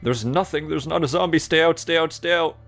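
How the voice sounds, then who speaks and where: A whiny, frantic young troublemaker from a text adventure game, pitched well above a man's usual voice, as a man acts him out. His lines sound pleading and unhinged, with faint music in the background. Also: moderate pace, gravelly.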